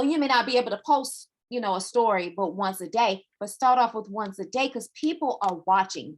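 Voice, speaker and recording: A woman hosting a live morning chat show, telling a personal story in a chatty, animated way and acting out what others said. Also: fairly high pitch. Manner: chatty, animated, acts out quoted voices. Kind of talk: casual live-stream storytelling.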